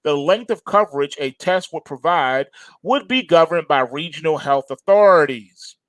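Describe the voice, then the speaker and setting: A man's voice: a little high, animated, normal speed, a bit bright, no room sound. A man hosting a market commentary monologue, sardonic and emphatic, mocking as he goes.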